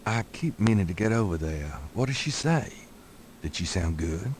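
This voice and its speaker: A man's voice: low-pitched, lively intonation, moderate pace, darkish tone, a little hiss or hum. An actor playing a cocky, smart-mouthed man in a 1990s adventure game, talking in a teasing, lazy drawl.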